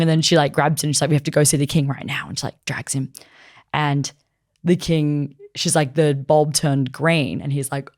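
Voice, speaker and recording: Low-voiced woman retelling an anime plot. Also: moderate pace. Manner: animated storytelling, acting out characters' lines with lots of "like". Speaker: podcast co-host reviewing anime. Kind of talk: casual chat.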